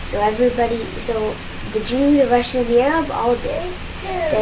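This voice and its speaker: A woman's voice: high voice, fairly even intonation, a little fast, background noise. A woman telling a joke hesitantly, restarting her sentences.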